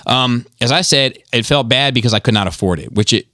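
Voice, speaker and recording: A man's voice: mid-range voice, a little fast, pushed and bright, no echo, studio quality. A man hosting a casual podcast chat, talking in a rambling, emphatic way and often restarting his sentences. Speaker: podcast host.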